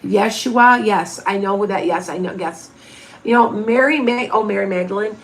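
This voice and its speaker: A woman's voice: medium pitch, normal speed, vocal fry. A woman in her fifties, a medium hosting a livestream, chatting casually through viewer questions with lots of restarts and asides. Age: 50s.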